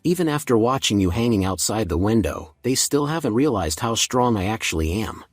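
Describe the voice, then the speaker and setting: A man voicing a cold, ruthless teenage boy who protects his sister, in a flat, even delivery. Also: fairly low pitch, a little fast, no echo.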